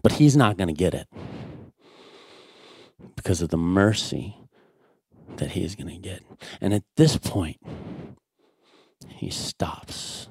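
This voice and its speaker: A man's voice: deep voice, creaky, husky, no echo, studio quality. A man in his thirties telling a personal family story to a church audience, acting out his own raised voice in quoted lines. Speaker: church speaker. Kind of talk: sermon storytelling.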